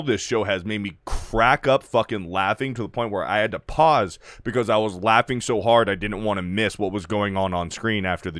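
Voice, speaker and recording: A man's voice: lowish voice, no room sound, clean studio sound. A man giving a casual, profanity-heavy spoken review and loosely recapping a plot as the channel's host. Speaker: video reviewer.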